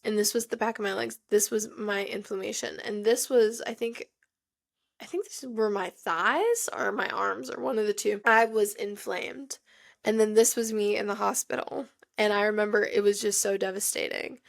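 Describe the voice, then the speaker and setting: A woman's voice: medium pitch, steady tone, normal speed, creaky. A young woman hosting a podcast, telling a personal story with emotion and frequent filler "like". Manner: emotional, heavy use of "like". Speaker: podcast host.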